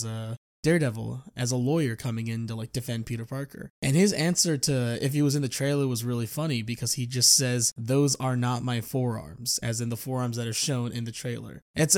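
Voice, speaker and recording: A man's voice: medium pitch, a little mellow, dry recording, studio quality. A man hosting a podcast on his own, chatting casually to listeners in a rambling way and often restarting his sentences. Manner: rambling, self-correcting, chatty. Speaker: podcast host. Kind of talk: casual solo chat.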